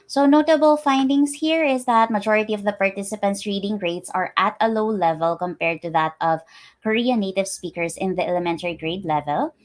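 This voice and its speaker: A woman presenting her research in a lecture, explaining carefully with frequent ums and uhs. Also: on the low side. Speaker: academic presenter.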